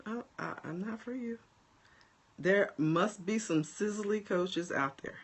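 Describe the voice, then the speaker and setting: This life coach from New Jersey has a mid-range, breathy-edged voice and a Jersey accent, and she speaks slowly. On her casual livestream she addresses viewers directly and bluntly, animated and laughing frequently.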